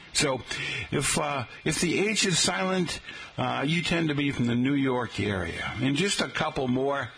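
In an unhurried, mid-range voice that's a bit bright with a breathy edge, a middle-aged man hosts a live local radio talk segment. He's from Massachusetts, has a Boston accent, and chats folksily with listeners he calls folks, all from a radio studio in a restaurant.

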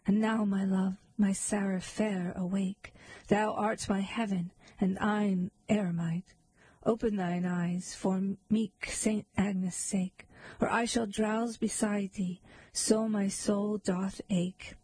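An ardent young male lover pleads in a narrative poem, spoken by a woman reciting it. The delivery is slow and measured, with a mellow, husky tone. It is recorded close and dry. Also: medium pitch, little pitch movement, no room sound, rough recording. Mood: tender pleading. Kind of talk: reading a narrative poem aloud.

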